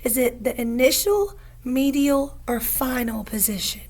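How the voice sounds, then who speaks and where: Patient teacher lady doing phonics, high voice, drags out every sound slow. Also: a little mellow. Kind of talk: phonics lesson for young learners.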